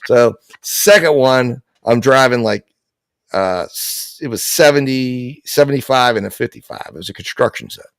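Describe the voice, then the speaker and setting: A man's voice: mid-range voice, normal speed, no echo. A man casually telling a long personal anecdote on a live talk show. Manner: relaxed storytelling, lots of fillers.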